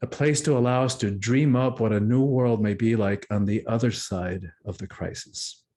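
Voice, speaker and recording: A man's voice: lowish voice, fairly even intonation, normal speed, mellow. Man hosting with polished formal intros. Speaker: host. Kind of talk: scripted show opening, then interview questions.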